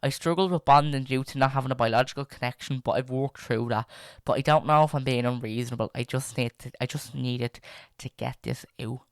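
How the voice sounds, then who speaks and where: A young man hosting a casual podcast, reading stories aloud and drifting into rambling asides full of fillers and restarts. His voice is smooth and clear. The sound is dry and close, with no room echo. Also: mid-range voice, brisk.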